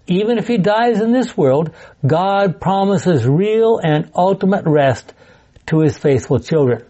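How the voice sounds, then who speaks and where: A man's voice: sits high, expressive, measured pace, mellow, highs cut off. A man leading a Bible study class, chatty and digressive, with laughing asides as he teaches.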